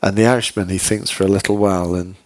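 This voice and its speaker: A man's voice: deep voice, fairly even intonation, fast, a little mellow, dry recording. Man preaching in a chatty storytelling way. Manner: conversational storytelling with frequent "you know"; asks the listeners direct questions. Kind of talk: sermon.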